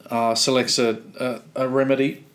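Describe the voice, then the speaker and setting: A man co-hosting a podcast in casual chat, talking in a halting, stop-start way. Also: mid-range voice, little pitch movement. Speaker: podcast co-host; clinic supervisor.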